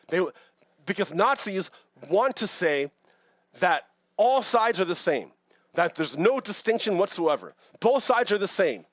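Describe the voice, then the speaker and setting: A man with a fairly high voice talks loosely over news footage, restarting phrases and chuckling as he goes. The recording is dry and a little muffled, like a cheap home mic. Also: fairly bright tone, dry recording. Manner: rambling, repeats words, laughs between points. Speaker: video commentator. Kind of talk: casual commentary on news clips.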